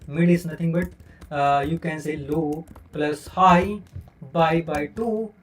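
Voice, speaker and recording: High-voiced man walking through code. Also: steady tone, slow pace, recorded from a distance. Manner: thinking aloud, counting numbers out step by step; self-correcting with frequent fillers. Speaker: programming teacher. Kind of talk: screen-recorded coding lesson.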